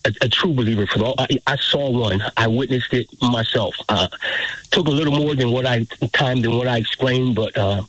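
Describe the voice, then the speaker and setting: A man's voice: mid-range voice, normal speed, a bit bright, dry recording, highs cut off. A man calling in to a radio show, earnest and choked up as he tells his story. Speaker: caller. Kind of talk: phone-in story.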